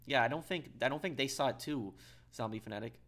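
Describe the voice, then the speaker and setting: A man's voice: mid-range voice, a bit bright. A man streaming a video game, chatting casually with viewers, often repeating words and stopping to read comments aloud. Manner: halting, repeats words, reads chat aloud. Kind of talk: casual live-stream chat.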